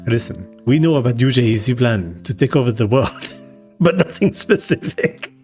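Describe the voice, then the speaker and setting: A man voicing a towering tattooed male yakuza boss with a put-on Japanese accent, speaking slow, clipped broken English. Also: mid-range voice, a little mellow, soft background music, lightly acted. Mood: menacing.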